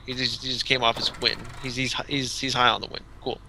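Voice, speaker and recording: Man, podcast host, very bright tone, rambling animated storyteller. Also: mid-range voice, moderate pace, slight background noise, rough recording. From Southern California. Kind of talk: casual chat.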